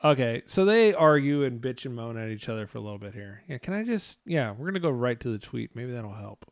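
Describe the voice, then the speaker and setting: A man's voice: medium pitch, big pitch swings, fairly quick, no echo. A man hosting a casual podcast, rambling and swearing as he reacts to clips, laughing often. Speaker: podcast host.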